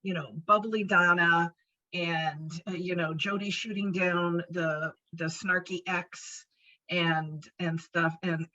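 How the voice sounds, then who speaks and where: Rambly excited woman, bright punchy voice, lowish, muffled call audio. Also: slow pace. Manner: enthusiastic, rambling, many fillers and laughs. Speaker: panel guest. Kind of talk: casual panel discussion.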